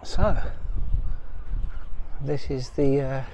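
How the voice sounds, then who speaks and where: A man's voice: medium pitch, drawn-out words, warm tone, slight background noise. A middle-aged man narrating a casual travel vlog in a chatty, joking way. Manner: chatty, jokey, talks playfully to his dogs. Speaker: vlogger.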